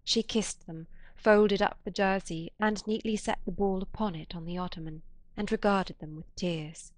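A woman narrating a literary audiobook in a measured, quiet and deliberate way. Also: medium pitch, steady tone, no echo.

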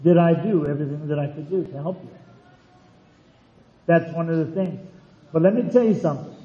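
A man's voice: on the high side, expressive, normal speed, echoey room, dull audio. A man preaching a sermon as pastor in his church, emphatic and repeating phrases for weight.

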